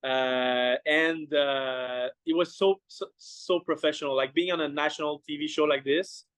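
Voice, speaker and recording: French-Canadian chef, higher pitch. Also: male voice, steady tone, fairly bright tone, clear, resonant tone, no room sound. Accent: Québécois French. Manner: halting, many restarts and fillers. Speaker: chef guest. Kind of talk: casual interview.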